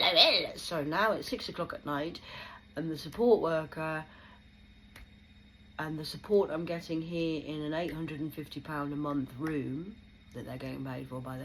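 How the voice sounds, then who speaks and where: A woman's voice: sits low, a little hiss or hum, rough recording. A woman venting in an agitated, rambling monologue to camera, swearing often, from a small rented room. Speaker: vlogger. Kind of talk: unscripted angry monologue to camera.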